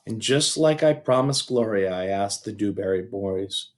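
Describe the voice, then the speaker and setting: A man reading a children's novel aloud as a teacher, animated with asides. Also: lowish voice, unhurried.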